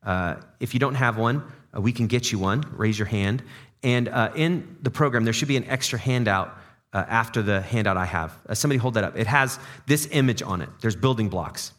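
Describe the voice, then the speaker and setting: Fairly quick and fairly bright, this lowish male voice belongs to a pastor delivering a sermon before his congregation at church. He keeps it conversational, tossing questions to the room, repeating himself as he thinks aloud, and dropping dad jokes along the way.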